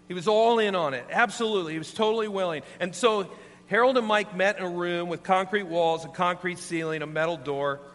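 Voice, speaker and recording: A man preaching a sermon, telling a story in an earnest, animated way. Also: high-pitched, fairly quick. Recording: long hall reverb, faint hum.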